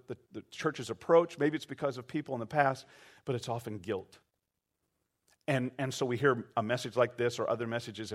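A man preaching a sermon, acting out quoted voices and asking the congregation to respond. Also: fairly high pitch. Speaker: pastor.

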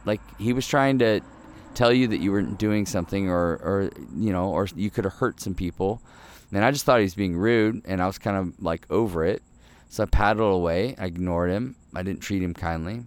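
A middle-aged man hosting a devotional podcast, talking in a relaxed, earnest way and telling stories with many fillers. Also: sits low, moderate pace, dry recording. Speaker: podcast host.

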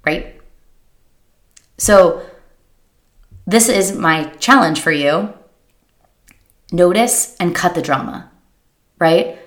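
A woman's voice: lowish voice, lively intonation, very slow, long pauses. A woman coach giving a motivational talk, emphatic and repetitive, often acting out her clients' anxious inner thoughts. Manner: emphatic, repeats key phrases, acts out clients' worried inner voices. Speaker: business coach.

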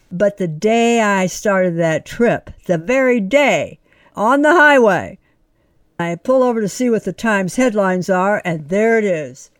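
A woman's voice: medium pitch, dry recording. A woman author being interviewed, who talks in an emphatic, exuberant and outspoken way. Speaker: author guest. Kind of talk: conversational interview.

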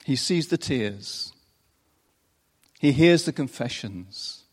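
A man preaching a sermon in an unhurried, expressive way, chuckling often between phrases. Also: medium pitch, breathy edge. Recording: long reverb of a large hall.

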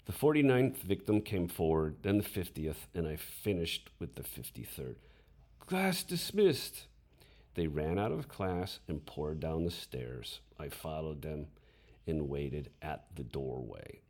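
A man's voice: extremely low pitch, a little slow, darkish tone. A man reading his own memoir story aloud, dramatic in delivery and voicing his inner thoughts.

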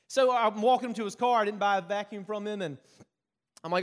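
A man's voice: high-pitched, fast, big-room sound. A man preaching a sermon, mixing self-mocking stories with Bible reading and often asking "right?". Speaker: pastor.

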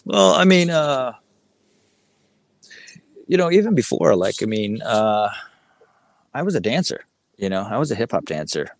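A man's voice: medium pitch, big pitch swings, a little slow, creaky, pauses often, dry recording. A middle-aged man from the American Midwest telling a rambling story as a guest, full of "like" and "you know" with many restarts. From Midwest United States. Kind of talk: casual storytelling interview.

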